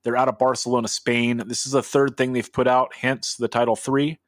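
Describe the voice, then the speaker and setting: Casual, swearing hardcore podcast host. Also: male voice, medium pitch, little pitch movement, normal speed, no room sound, clean studio sound. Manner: loose and profane, heavy on filler words. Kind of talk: casual chat.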